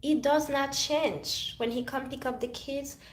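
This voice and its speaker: A woman's voice: sits high, steady tone, unhurried, reverberant. A woman from Haiti talking to camera about her past relationship, emphatic and preachy, often repeating herself. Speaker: vlogger. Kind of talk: personal talk to camera.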